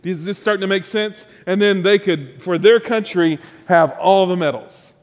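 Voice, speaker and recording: A man's voice: high-pitched, moderate pace, long reverb tail. A man from the United States preaching a sermon, conversational and joking, teasing his congregation. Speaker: pastor.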